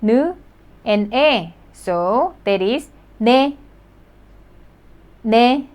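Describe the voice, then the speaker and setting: A woman teaching a language lesson, patient and encouraging, repeating each word slowly for learners to practice. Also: a little high, expressive, a little mellow.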